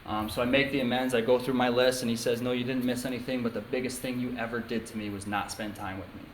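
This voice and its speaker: A man's voice: medium pitch, flat delivery, fast talker. A young man giving a candid personal testimony at a recovery meeting, telling his story with lots of ums and likes. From upstate New York. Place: meeting room. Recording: echoey room with faint hiss.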